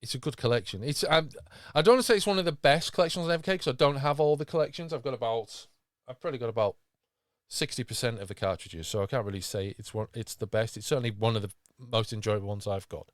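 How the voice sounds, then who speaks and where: A man's voice: mid-range voice, fast, no echo, clean studio sound. A man hosting a podcast, talking with enthusiasm and rambling through fillers and restarts. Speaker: podcast host. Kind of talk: casual podcast chat.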